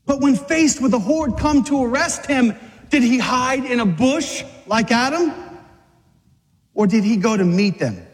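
A man preaching an impassioned sermon to men, dramatic and forceful, sometimes acting out voices. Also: very high voice, expressive, measured pace. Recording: long hall reverb.

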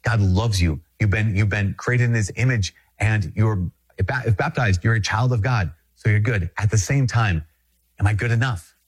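Middle-aged male priest from Minnesota, low husky voice, earnest conversational teaching with emphatic repetition. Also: normal speed. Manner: earnest and emphatic, repeats phrases for weight. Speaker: Catholic priest.

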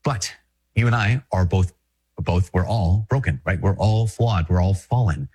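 Husky low-voiced man, emphatic preacher. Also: unhurried, a little mellow. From Minnesota. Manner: conversational, emphatic, repeats phrases, chuckles often. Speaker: Catholic priest. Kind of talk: spoken reflection to an audience.

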